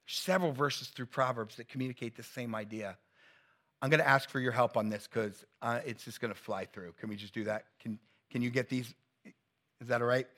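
A man's voice: mid-range voice, fairly quick, a bit bright. A middle-aged male pastor preaching a sermon in a conversational, teasing way, laughing at his own jokes.

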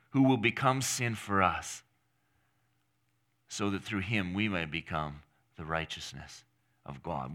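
A male pastor preaching a sermon in an earnest, emphatic way, with long pauses between phrases. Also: on the low side, bright, forceful tone.

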